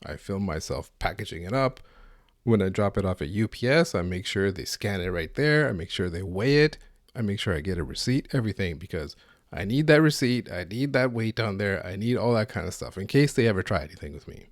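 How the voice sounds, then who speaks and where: A low-voiced man hosting a solo podcast, with a dry, close sound and no room echo. He talks in an opinionated, sardonic way, ranting through his points with a casual edge. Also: lively intonation, brisk. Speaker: podcast host.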